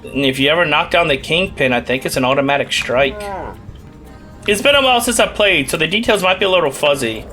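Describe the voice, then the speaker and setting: Young male let's-player, bright and fairly high, rambling and jokey. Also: lively intonation, brisk, soft background music. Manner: joking, rambling, playful asides with laughs. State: recovering from a cough. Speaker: gaming channel host. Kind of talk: casual let's play commentary.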